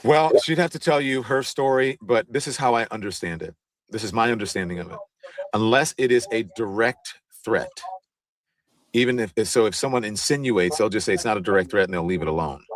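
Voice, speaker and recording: A man's voice: on the low side, brisk, dry recording. A man hosting a livestream talk show, speaking casually and loosely, often stopping and restarting his sentences. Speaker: show host.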